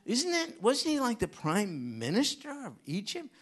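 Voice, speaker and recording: A man's voice: wildly swooping pitch, moderate pace, fairly bright tone, exaggerated voice. A man doing a curious little kid. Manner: high, wondering questions. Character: curious young child asking parents questions.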